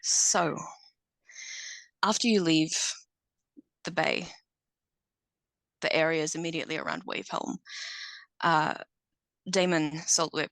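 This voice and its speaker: Gravelly, low-voiced woman game master. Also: takes it slowly, long pauses, fairly bright tone, no echo. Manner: descriptive, casual with fillers, lyrical in scene-setting. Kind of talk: narrating a tabletop game.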